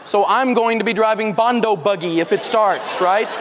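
A man with a bright, high-pitched voice leads a live money class, an animated storyteller who chuckles through his own jokes. His voice carries a long reverb, as if it were filling a big lecture hall. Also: moderate pace, noisy background. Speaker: personal finance teacher and radio host. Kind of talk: humorous live seminar teaching.

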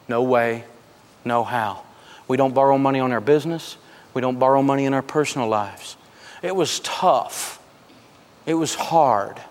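A man's voice: mid-range voice, a little mellow. A man teaching a live personal finance seminar, telling funny stories and laughing through his jokes as he drives home his points. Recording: long hall reverb.

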